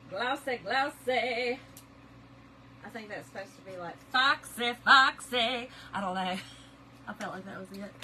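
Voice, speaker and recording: A woman's voice: mid-range voice, background noise. A middle-aged woman, chatting and laughing with viewers as she crafts on a livestream. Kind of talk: casual chat while crafting live.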